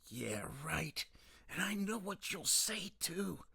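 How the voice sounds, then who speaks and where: A woman's voice: lowish voice, very animated, slow, creaky, sharp tone, breathy edge, voice pushed up, exaggerated voice. A man voicing a young woman in a hospital bed, curt and sarcastic toward her mother. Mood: hostile.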